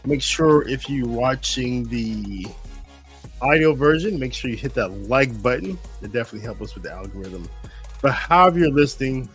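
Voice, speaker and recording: A man with a medium-pitched, animated, fairly bright voice hosts a casual livestream show from a home studio in Germany, speaking at a moderate pace over faint music. Groggy from a nap, he rambles, pokes fun at himself and chuckles.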